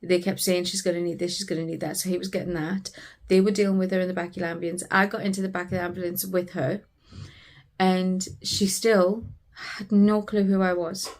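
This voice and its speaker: Low, even-toned British mum telling a story. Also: female voice, brisk. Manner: earnest, heartfelt retelling of a family emergency. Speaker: family vlogger. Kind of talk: personal storytelling vlog.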